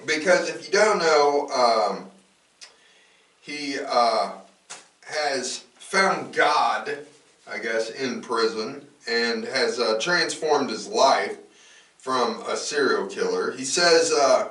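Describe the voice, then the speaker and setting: A man's voice: mid-range voice, expressive, slow pace, bright, forceful tone, far from the mic. Male podcast host, casual and rambling, heard a bit off-mic in a roomy space. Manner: loose and rambling, frequent fillers and restarts.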